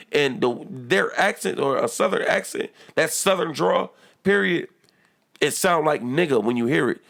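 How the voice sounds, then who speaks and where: A man's voice: on the high side, vocal fry, fairly bright tone. A man from the United States arguing heatedly and emphatically in a casual podcast debate, swearing freely. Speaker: podcast co-host.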